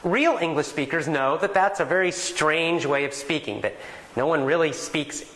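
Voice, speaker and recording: A man giving a casual spoken lesson, explaining at length and acting out everyday phrases in a livelier, higher voice. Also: normal speed, reverberant. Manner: animated, explanatory, acts out greetings in a lively higher voice. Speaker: language teacher.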